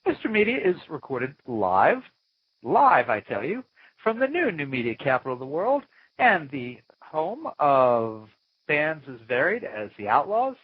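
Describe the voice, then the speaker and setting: A man's voice: a little high, huge pitch swings, measured pace, breathy edge, no echo, highs cut off. A man hosting his own interview podcast, talking in a playful, chatty way with mock-dramatic asides. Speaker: podcast host. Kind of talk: chatty interview-show host intro. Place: small home studio, Florida.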